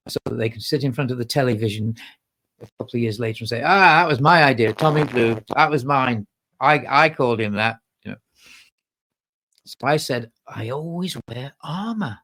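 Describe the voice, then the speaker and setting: Man guest storyteller, gravelly, husky, animated, acts out the people in his story. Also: medium pitch, rough recording. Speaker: podcast guest. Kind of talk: storytelling in casual conversation.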